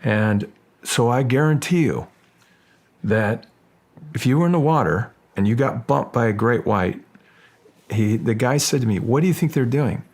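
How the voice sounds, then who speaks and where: A man speaking as a guest in an interview, halting and restarting, then animated when telling stories. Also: medium pitch. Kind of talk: casual interview talk.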